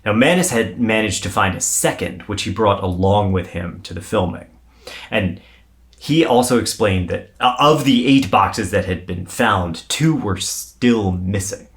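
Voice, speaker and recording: A man with a fairly low voice walks his co-host through a strange story. His delivery is loose and conversational. He swears casually and builds the suspense as he goes. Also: expressive, unhurried. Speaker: podcast co-host.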